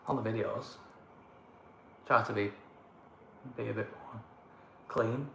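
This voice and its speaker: A man's voice: fairly low pitch, steady tone, takes it slowly, gravelly, sharp tone. Chatty Northern English man in an echoey room. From Northern England. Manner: chatty, rambling banter. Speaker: travel vlogger, co-host. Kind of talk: casual livestream chat. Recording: echoey room with faint ambient noise.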